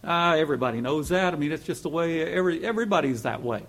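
A man preaching a sermon in an earnest manner, rising to emphatic peaks and dropping to soft asides. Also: on the high side, lively intonation, fast talker. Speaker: pastor.

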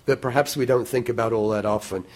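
Man preaching, kinda husky, slows way down on the verses, reads them out louder. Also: mid-range voice, fairly even intonation. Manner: measured, slows to stress scripture, rises when quoting. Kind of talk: sermon.

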